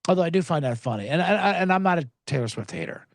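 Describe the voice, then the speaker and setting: A man's voice: on the high side, animated, fast talker, dry recording. A man hosting a sports betting podcast, ranting sarcastically with profanity and mocking voices. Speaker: podcast host.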